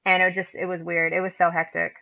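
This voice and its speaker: A woman's voice: fairly low pitch, completely flat delivery, fast talker, creaky, bright, forceful tone. A woman co-hosting a casual podcast, talking animatedly and laughing as she acts out what other players say. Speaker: podcast co-host. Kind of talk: casual chat. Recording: dull lo-fi podcast recording.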